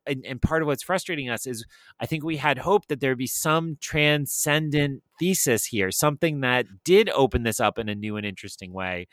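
A man's voice: fairly high pitch, a bit bright, dry recording. A middle-aged man, a podcast co-host reviewing a film, talking in a wry, sarcastic, chatty way with many fillers. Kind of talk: casual chat.

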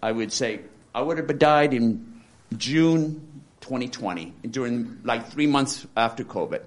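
A man in his sixties giving a candid, rambling personal testimony with dark humor, often restarting his sentences. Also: medium pitch, expressive, measured pace. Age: 60s. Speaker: interviewee. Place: support center.

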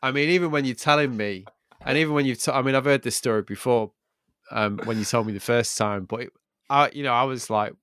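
A host reacts in a loose, frank way, stacking fillers as he talks. His voice sounds dry and close, with no room around it. His pitch sits in the middle of the usual range. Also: a little fast, a bit bright, clean tone, dry recording. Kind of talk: casual chat.

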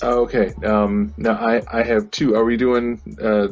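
A man's voice: fairly low pitch, little pitch movement, unhurried, a little mellow, soft background music. A man chatting on a podcast, hesitant with lots of fillers. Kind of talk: casual podcast chat.

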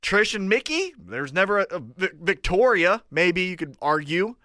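A man's voice: high voice, big pitch swings, moderate pace, pushed and bright, no echo, clean studio sound. A man co-hosting a casual wrestling podcast chat, teasing and laid-back, with some swearing. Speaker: podcast co-host.

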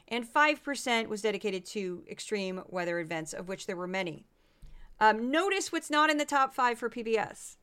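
Smooth-voiced tired woman podcaster. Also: medium pitch, expressive, normal speed, fairly bright tone. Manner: chatty, runs through statistics, self-deprecating asides. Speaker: podcast host. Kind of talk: casual solo podcast commentary.

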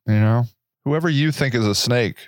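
A man's voice: medium pitch, normal speed, no echo, clean studio sound. A man hosting his own podcast, talking alone in a rambling, sarcastic way and laughing at his own jokes. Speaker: podcast host. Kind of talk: casual monologue.

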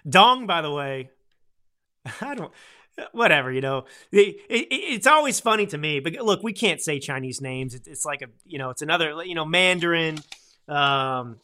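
A man hosting a political commentary podcast, talking into a close microphone in an animated, rambling way that swings from loud to hushed. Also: a little high, moderate pace. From United States. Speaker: podcast host. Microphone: close studio microphone.

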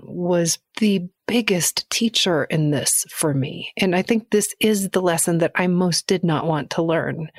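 A woman's voice: lowish voice, no room sound, clean studio sound. A middle-aged woman speaking candidly and earnestly as a podcast guest, laughing easily as she reflects. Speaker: guest poet.

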